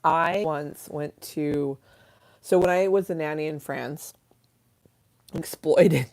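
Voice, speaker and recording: A woman hosting a casual livestream, chatting freely with viewers, swearing and laughing at her own stories. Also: low voice. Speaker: livestream host reading chat.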